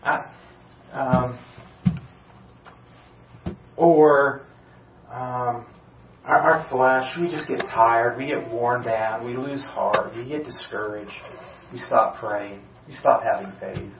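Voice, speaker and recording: A crowd can be heard as a male pastor preaches slowly in a mid-range, fairly even voice, leaving long pauses. His earnest sermon in the church sanctuary builds urgency with rhetorical questions, recorded in a roomy, distant, somewhat dull way.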